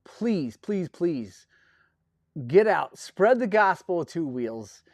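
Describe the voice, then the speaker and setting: A man talks casually on a live stream, rambling and effusive as he thanks his viewers again and again. His voice sits a bit high. The sound is dry and close to the mic. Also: big pitch swings, slow, no echo. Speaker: host of a dirt bike live stream.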